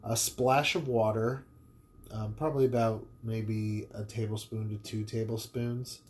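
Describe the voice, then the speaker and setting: A man chatting casually and easygoing about cooking, with relaxed slang. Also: fairly low pitch, measured pace, slight background noise. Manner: laid-back, easygoing slang. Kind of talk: casual chat.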